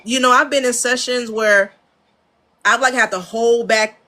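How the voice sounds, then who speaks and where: A woman's voice: a little high, moderate pace. An American woman, an audio engineer and producer, talking frankly in a casual interview, acting out studio exchanges and laughing often from her home studio. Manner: animated storyteller, acts out studio dialogue.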